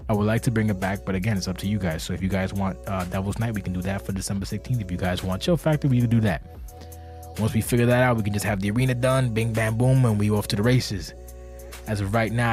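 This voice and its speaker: A man's voice: on the low side, a little mellow. Tired anxious guy rambling and swearing a lot, casual podcast talk, keeps cutting himself off. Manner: rambling, profane, self-interrupting. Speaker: community leader of an online wrestling game league. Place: indoors, seated.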